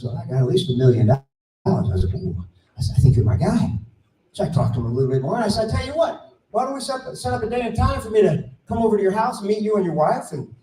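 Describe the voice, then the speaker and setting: A middle-aged man tells a folksy story at a conference and acts out every exchange in quotes. His voice sits high for a man. He sounds a bit far from the mic in a roomy space with faint ambience behind. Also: dark tone, a little hiss or hum. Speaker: conference speaker. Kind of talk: storytelling keynote talk. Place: conference room.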